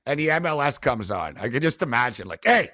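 A man's voice: mid-range voice, sing-song, fast, sharp tone, no echo, clean studio sound. A man hosting a casual sports betting show, loose and laughing, with lots of fillers. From North America. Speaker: host.

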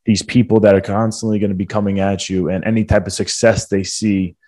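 A man's voice: on the low side, little pitch movement, fairly quick, dark tone. A man hosting a podcast, asking questions hesitantly and rephrasing as he goes. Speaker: podcast host. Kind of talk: interview questions.

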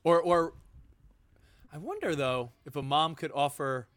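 Bright, teasing man in a dry room. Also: a little high, expressive, measured pace, no echo. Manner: teasing and wisecracking. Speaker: podcast co-host. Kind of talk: casual chat.

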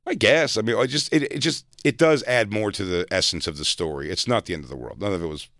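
A man co-hosting a comedy talk show, telling stories in a casual, animated way and slipping into quick impressions of family members. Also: no echo, studio quality. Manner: animated, jumps into high-pitched impressions of family. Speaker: podcast co-host.

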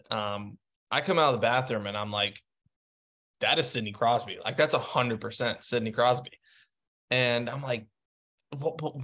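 A man's voice: lowish voice, bright, forceful tone. Chatty man telling stories. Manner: chatty, laughs often, frequent restarts. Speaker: podcast guest, pro golfer. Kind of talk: casual storytelling.

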